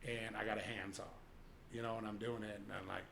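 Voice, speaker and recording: On this podcast, the young male guest speaks fast in a fairly low, creaky, somewhat bright voice that barely moves in pitch. He rambles casually, leaning constantly on "like" and "you know," over a faint background hiss or hum.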